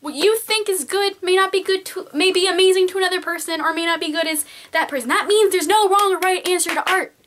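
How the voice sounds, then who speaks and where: A woman's voice: extremely high pitch, fast, few pauses, fairly bright tone. A teenage girl giving casual, peppy, encouraging art advice straight to her viewers. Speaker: art vlogger. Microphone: camcorder mic.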